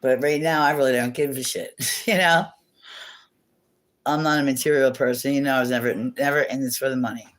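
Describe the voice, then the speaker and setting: A woman's voice: very deep voice, steady tone, fairly quick. A woman hosting a casual livestream from home on her phone, rambling and chatty, laughing often and swearing now and then. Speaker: livestream host.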